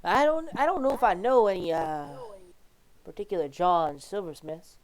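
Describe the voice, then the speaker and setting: A woman's voice: fairly low pitch, big pitch swings, normal speed, darkish tone. A woman voicing a guarded man who questions a stranger through a door. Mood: wary. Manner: guarded, hesitant. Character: wary man behind a door.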